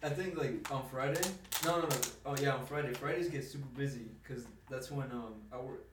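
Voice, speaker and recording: A man's voice: mid-range voice, a little fast, recorded from a distance, background noise. Young man swearing, telling stories, in an echoey room. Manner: rambling, slangy, swears a lot. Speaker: storyteller in a chat. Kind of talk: casual chat. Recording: echoey room, away from mic.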